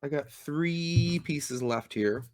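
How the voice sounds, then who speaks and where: A man's voice: a little high, slow pace, darkish tone, no room sound. A man co-hosting a live stream, chatting casually about his music, joking and laughing often. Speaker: co-host and musician.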